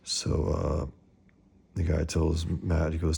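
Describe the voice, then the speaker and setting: A man giving casual, opinionated commentary on comics, often halting and restarting as he wanders off topic. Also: rumbling low, completely flat delivery, gravelly, mellow, breathy edge.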